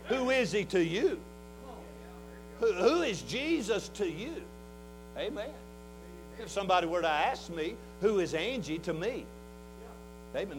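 Man, 60s, Southern US accent, very high pitch, revival preacher, folksy, fervent, hushed to shouting. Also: animated, measured pace, low-quality recording. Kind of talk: revival sermon.

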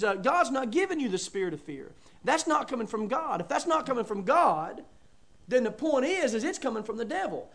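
A middle-aged man preaching a sermon, folksy and emphatic with chuckles and asides. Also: very high-pitched.

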